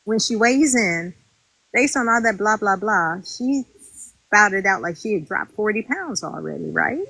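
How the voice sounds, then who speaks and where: A woman, a former reality show contestant, telling her story in a casual interview, animated and indignant, acting out what others said. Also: mid-range voice, unhurried, creaky, husky, no room sound, poor audio. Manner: animated and indignant, acts out quotes.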